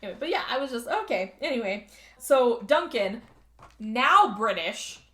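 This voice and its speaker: A woman's voice: on the high side, expressive, moderate pace, sharp tone. A woman hosting a podcast, recapping a movie in a rambling casual chat full of "like" fillers. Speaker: podcast host. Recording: echoey room.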